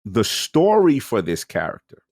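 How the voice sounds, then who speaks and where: A man's voice: medium pitch, huge pitch swings, unhurried, darkish tone, no echo, studio quality. A man co-hosting a podcast, telling a gaming story in casual chat and acting out his own reactions. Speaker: podcast co-host.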